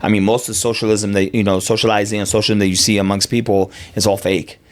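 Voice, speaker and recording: A fitness coach and gym owner talks in a relaxed podcast conversation. His voice sits a little low, and he thinks aloud, often ending a point with "right?". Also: quick pace. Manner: reflective, tags statements with "right?".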